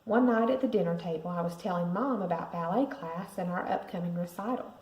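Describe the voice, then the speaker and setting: Expressive mom reading a picture book. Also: female voice, fairly low pitch, a little fast, hardly any pauses. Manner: expressive storytelling. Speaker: parent reading to a class. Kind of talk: picture book read-aloud. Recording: roomy echo.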